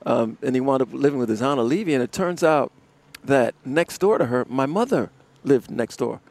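A gravelly-voiced man tells animated stories in a casual radio interview and laughs often. He sits at a live broadcast mic out of doors. His pitch sits mid-range. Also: normal speed. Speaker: musician guest. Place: outdoors in front of a music studio complex.

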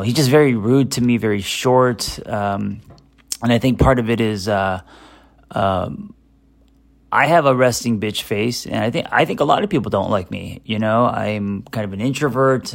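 Middle-aged male therapist-host, gravelly and low, talking off the cuff with plenty of ums. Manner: hesitant, lots of fillers and restarts, candid. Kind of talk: casual self-help monologue.

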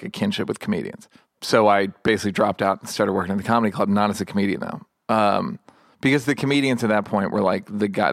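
A middle-aged man, a comedian talking candidly in an interview, rambling and halting with self-deprecating asides. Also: on the low side, vocal fry, no room sound, studio quality.

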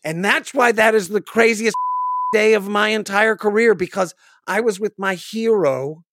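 A man, an actor, telling a casual anecdote from a film set, animated and quick to laugh. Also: high-pitched, background noise. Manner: animated, laughs often, mimics others' voices. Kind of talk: casual storytelling.

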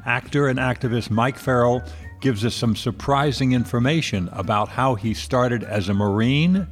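Man, co-host of a chat podcast, mid-pitched voice, jokey and relaxed, faint music underneath. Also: normal speed.

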